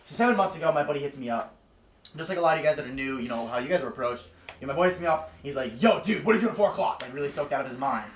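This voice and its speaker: A man's voice: medium pitch, very fast, slight background noise. A young man, telling a slangy, profane recruiting story to a small crowd at a house party. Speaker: recruiting speaker. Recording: echoey room.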